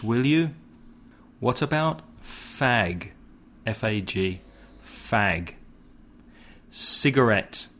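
A middle-aged man teaching slang in a slow, deliberate podcast lesson. He spells words out letter by letter and acts out short example phrases. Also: on the low side, fairly bright tone. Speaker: English teacher, podcast host. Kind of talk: scripted language lesson.

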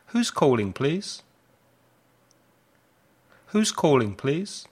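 In a repeat-after-me English lesson, the man at the front pronounces each phrase with care and at a slow pace. His intonation is lively, rising and falling broadly as he demonstrates the sound of each line in a clear, deliberate way.

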